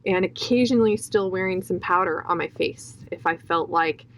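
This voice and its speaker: On a rough recording, a guest shares her testimony: a young woman with a lowish voice speaking at a moderate pace. Her account is emotional and heartfelt, peppered with fillers and false starts.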